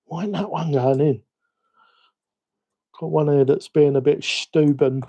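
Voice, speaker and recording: Chatty Cockney man, mellow voice. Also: on the high side, a little slow, lo-fi sound. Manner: chatty, self-mocking, rambling. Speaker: hobby livestream host. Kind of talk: casual live-stream chat while working.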